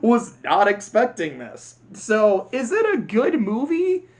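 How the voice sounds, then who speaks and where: Male vlogger, higher voice, casual rambling film review, quick to laugh. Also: huge pitch swings. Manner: rambling, self-interrupting, laughs often. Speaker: video creator.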